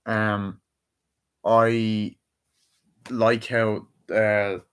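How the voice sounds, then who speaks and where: A young man talks through a movie review in a loose, rambling way, swearing as he retells scenes. His voice sits a little low. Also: little pitch movement, drawn-out words, clear, resonant tone.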